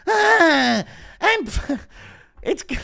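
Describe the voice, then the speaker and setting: A man putting on the voice of a flustered man trapped in a smelly restroom, talking high and strained through giggles. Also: very animated, very slow, creaky, bright, forceful tone, exaggerated voice.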